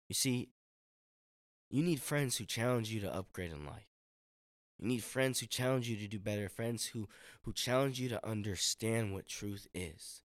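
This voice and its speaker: A man preaching a sermon to young people in a relaxed, conversational way, with casual slang and acted-out quotes. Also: medium pitch, normal speed, dry recording, studio quality. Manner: acts out quoted friends in voices.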